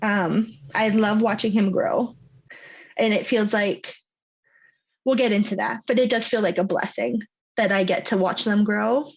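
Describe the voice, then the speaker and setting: A woman's voice: mid-range voice, fairly even intonation, a little slow, poor audio. A woman in her thirties from Cyprus, with a mixed Cypriot English and Canadian accent, chatting casually as a podcast guest, often saying um and like. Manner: chatty, laughs often, many fillers like um and like. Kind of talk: casual interview chat.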